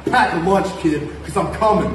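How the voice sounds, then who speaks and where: A man cutting a taunting, profane wrestling promo that builds to shouts. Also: high voice, normal speed. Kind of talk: trash-talking wrestling promo. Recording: echoey room, faint noise.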